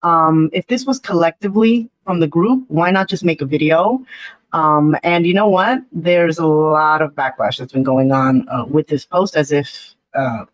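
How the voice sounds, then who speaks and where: Casual commentary vlogger, mid-pitched, skeptical and chatty, dry close-miked sound. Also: normal speed, no room sound, poor audio. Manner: chatty, frequent ums and uhs, skeptical asides.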